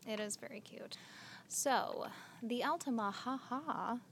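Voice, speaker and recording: A woman's voice: fairly high pitch, slow pace, a bit bright, slight background noise. Chatty young woman telling a legend. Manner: chatty, giggly storytelling with filler words. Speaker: podcast co-host. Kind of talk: casual podcast chat.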